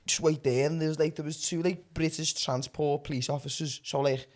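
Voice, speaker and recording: A man's voice: a little high, level tone, fairly quick. A man with a Liverpool accent telling rambling, swear-filled comic stories on a podcast and calling everyone lad. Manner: rambling, swears freely, calls people lad. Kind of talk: casual comedic storytelling.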